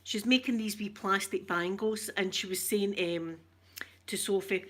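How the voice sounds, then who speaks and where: A woman's voice: medium pitch, normal speed, fairly bright tone. A Scottish woman telling a rambling, emotional story in casual chat and greeting viewers as she goes. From Scotland. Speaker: vlogger talking to viewers.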